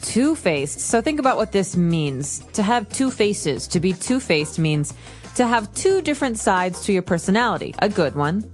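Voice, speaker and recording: A woman's voice: medium pitch, very animated, normal speed, faint music behind. A woman co-hosting an English lesson podcast, explaining phrases plainly and acting out examples. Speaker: co-host.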